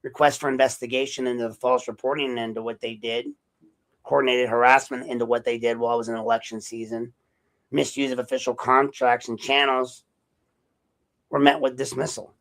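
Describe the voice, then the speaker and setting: A man's voice: mid-range voice, flat delivery, brisk, fairly bright tone, low-quality recording. A man hosting a solo podcast monologue, rambling and sarcastic, with profanity and frequent self-corrections. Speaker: podcast host, investigative journalist.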